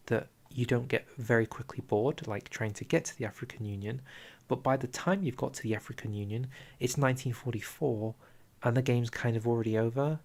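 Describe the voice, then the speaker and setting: A young man giving casual live-stream commentary on a strategy game, chatty and out of breath, answering viewers with quiet asides. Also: medium pitch, vocal fry. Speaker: streamer reviewing a strategy game dev diary.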